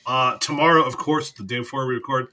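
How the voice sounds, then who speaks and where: A man's voice: medium pitch, steady tone, fast talker, sharp tone. A man co-hosting a podcast in casual chat, rambling, teasing and laughing often. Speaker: podcast co-host.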